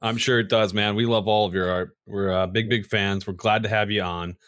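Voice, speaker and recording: A man's voice: lowish voice, fairly even intonation, fairly quick, a bit bright. A man hosting a podcast, chatting loosely and swearing freely. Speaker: podcast host. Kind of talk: casual podcast chat.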